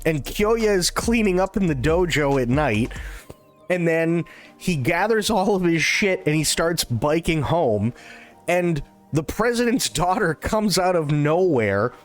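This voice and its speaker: An irreverent man on a live stream retells a film with lots of swearing and sarcasm. His voice sits fairly high and swings widely in pitch, with faint music underneath. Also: very animated, measured pace.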